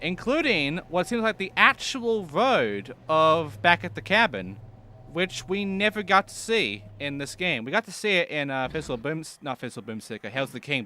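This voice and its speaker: A man's voice: fairly high pitch, pushed and bright, a little hiss or hum. A man hosting a let's play, commenting on gameplay in an offhand, profane way.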